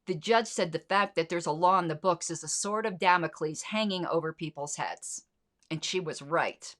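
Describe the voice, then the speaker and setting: Her voice sits on the low side with a fairly bright tone, moving at a moderate pace. Hosting her political livestream, this middle-aged woman fires off sarcastic rhetorical questions, blunt and indignant, cursing freely throughout.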